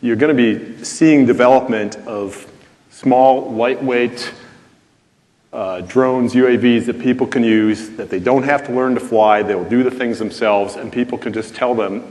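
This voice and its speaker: A man speaking as a panelist, explaining in a steady, enthusiastic way. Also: medium pitch, normal speed. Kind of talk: panel discussion answer. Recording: reverberant hall.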